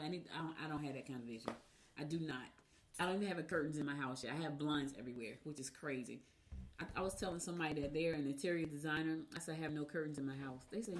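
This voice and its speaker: Low-voiced chatty woman host. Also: a little hiss or hum. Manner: talkative, rambles into personal asides; talks fast by her own account. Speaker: radio show host. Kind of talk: casual chatty horoscope reading.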